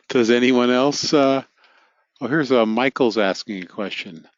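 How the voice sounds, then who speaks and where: A man's voice: medium pitch, a little slow, no echo. Affirming male host on lo-fi audio. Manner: brief, affirming, reads out questions. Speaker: session host. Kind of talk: moderating an online Q&A. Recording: dull lo-fi audio.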